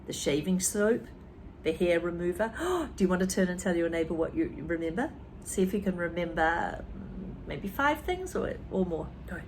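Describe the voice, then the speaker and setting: Woman teacher, storybook read-aloud, animated lively voice, talks to the class between passages. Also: on the low side, normal speed, slight background noise. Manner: lively, expressive, with asides to listeners.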